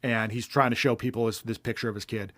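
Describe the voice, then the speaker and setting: Male co-host, mid-pitch, casual rambling film-review chat. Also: steady tone, fast talker, fairly bright tone. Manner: meandering, thinks aloud while critiquing. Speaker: podcast co-host.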